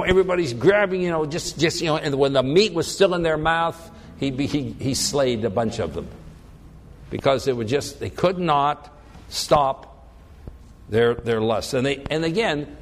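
A man teaching a Bible passage in a conversational sermon, acting out the people's complaints with lively emphasis. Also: a little high, in a large hall. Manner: animated, acts out the people's complaints. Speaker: preacher.

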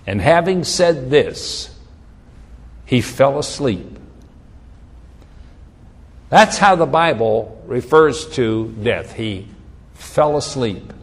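A man's voice: mid-range voice, expressive, very slow, pauses often, husky. Preacher man in a reverberant hall. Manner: reads scripture aloud with rising emphasis, casual asides. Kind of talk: sermon, Bible exposition.

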